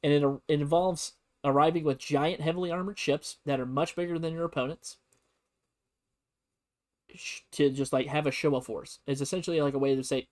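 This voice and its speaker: A man's voice: a little high, steady tone, a little fast. A man casually teaching history on a stream, rambling and joking with lots of fillers. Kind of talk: casual comedic history lesson.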